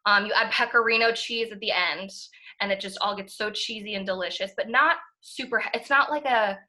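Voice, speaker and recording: A woman's voice: medium pitch, fairly quick, sharp tone. A young woman chatting enthusiastically as a podcast co-host, full of fillers and the odd swear word. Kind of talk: casual chat.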